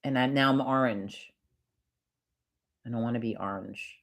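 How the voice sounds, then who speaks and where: An older woman with a very deep voice speaks a little slowly as she hosts a casual morning livestream. She chats with viewers in a rambling, profane way and laughs often.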